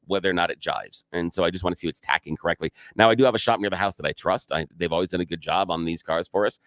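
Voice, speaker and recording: A male radio co-host with a very low voice who talks quickly and rambles through his points, restarting as he goes. The recording is close and dry. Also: fairly bright tone, dry recording. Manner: rambling, stumbles over restarts, laughs easily. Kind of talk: casual radio banter. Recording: dry studio mic.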